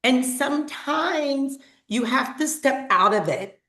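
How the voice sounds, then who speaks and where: On a team video call, a woman earnestly and emotionally thanks the leaders who helped her. Her voice is high-pitched and a bit bright, with lively intonation and a slow pace. The heartfelt talk is recorded in an echoey room.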